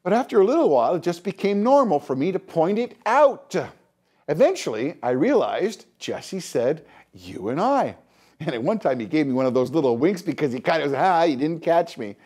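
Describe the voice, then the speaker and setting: A man's voice: a little high, very animated, a little fast, a little mellow. A middle-aged man from Canada hosting a podcast, delivering a scolding, exasperated opinion monologue. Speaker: podcast host.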